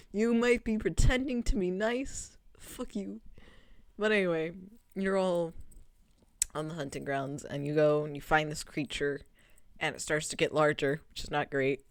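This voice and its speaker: Young woman streamer, rambling game recap, low-ish voice, dry close sound, swears and laughs a lot. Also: dry recording. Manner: rambling, animated, swears freely, laughs often. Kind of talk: casual game recap chat.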